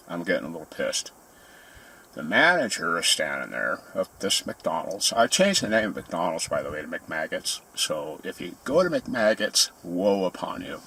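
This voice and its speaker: Gravelly low-voiced man ranting. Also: bright, forceful tone. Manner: grumbling, sarcastic storytelling. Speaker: vlogger. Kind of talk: casual ranting monologue.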